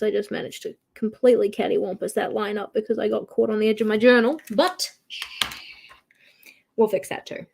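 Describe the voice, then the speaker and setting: A woman's voice: mid-range voice, steady tone, fairly quick, gravelly, a little mellow, husky. A young woman hosting a journaling livestream, chatting casually and poking fun at herself as she works. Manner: chatty, self-mocking, talks to herself while working. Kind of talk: casual chat while crafting.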